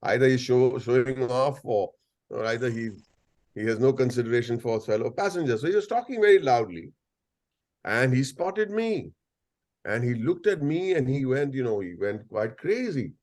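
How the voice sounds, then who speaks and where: A man's voice: mid-range voice, lively intonation, normal speed, darkish tone. A man in his sixties with an Indian English accent speaks over a video call. He tells his stories in a playful, joking way, with asides to his listeners. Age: 60s. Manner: playful, storytelling, jokes and asides. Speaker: guest speaker. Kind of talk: anecdotal talk to a video-call audience.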